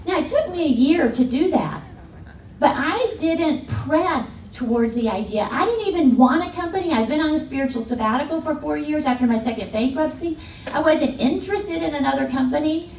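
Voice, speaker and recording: A middle-aged woman giving a keynote talk at a conference, telling stories in an animated way and acting out the voices of the people she quotes, often laughing as she speaks. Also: high voice, normal speed, distant mic. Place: large conference hall. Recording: echoey hall from afar, faint room noise.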